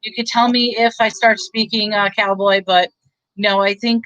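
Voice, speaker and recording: A woman's voice: mid-range voice, level tone, normal speed, a bit bright, highs cut off, faint music behind. A woman from New York with a New York, Long Island accent, chatting casually and upbeat to viewers on a live stream, rambling and laughing often. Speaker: online reseller hosting a live stream. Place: home in Texas.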